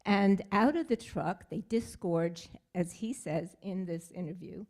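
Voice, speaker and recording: A woman's voice: lowish voice, a little mellow. Older woman telling a heartfelt story. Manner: halting, heartfelt, with pauses and fillers. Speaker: congregant sharing a family story. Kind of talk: personal storytelling at a service. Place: synagogue sanctuary.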